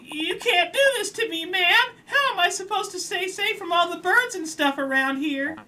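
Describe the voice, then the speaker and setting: A man doing a squeaky, nervous little hermit crab. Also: moderate pace, pushed and bright, distant mic, slight background noise, exaggerated voice. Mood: nervous, pleading. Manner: high, squeaky, anxious. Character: timid young hermit crab, nervous loner.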